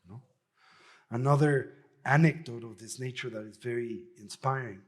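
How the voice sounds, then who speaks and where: A man's voice: medium pitch, moderate pace. A man from Mexico, a Buddhist teacher giving a dharma talk full of anecdotes and often ending phrases with a questioning "no?".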